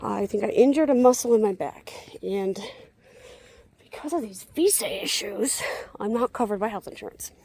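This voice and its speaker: Walking outdoors through a zoo, a young woman records a rambling vlog in an animated, warm, medium-pitched voice with vocal fry at a moderate pace. She's tired and a little winded, and mutters wry asides as she goes.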